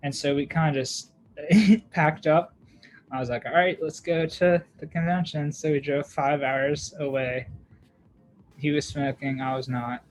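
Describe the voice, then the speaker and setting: A man's voice: on the high side, steady tone, a little slow, a little hiss or hum, low-quality recording. A young man, a podcast co-host, telling a long story in casual chat, with lots of fillers, "like" and laughter. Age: young adult.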